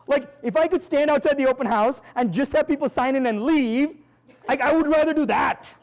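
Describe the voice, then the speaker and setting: A man giving a live seminar talk as a sales trainer, energetic and emphatic, firing rhetorical questions at the audience in a quick, conversational way. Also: very high-pitched. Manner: quick, conversational, with frequent restarts and "like" and "right?".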